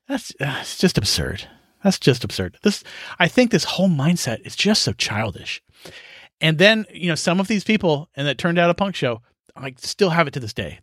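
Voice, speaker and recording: A middle-aged man rants on his own podcast in a frank, exasperated way, with some swearing. His voice sits a little high for a man. The sound is dry and close, with no room echo. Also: a bit bright. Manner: frank, exasperated, swears freely, sighs and laughs. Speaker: podcast host. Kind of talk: casual solo monologue.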